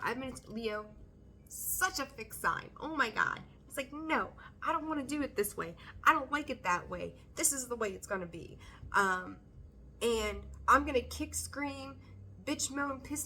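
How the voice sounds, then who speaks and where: Bright-voiced lady doing a tarot reading, blunt and sweary, faint hum behind. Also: a little high. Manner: blunt, swearing, laughs often, animated. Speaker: tarot reader.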